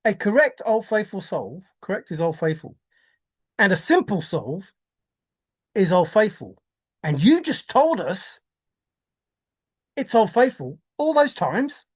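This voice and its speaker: A woman pours out a solo monologue with big theatrical swings, her voice leaping up and down in pitch. She drags her words out slowly and makes every point with exaggerated exclaiming and mock despair. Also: very animated, slightly rough. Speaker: treasure hunt video maker.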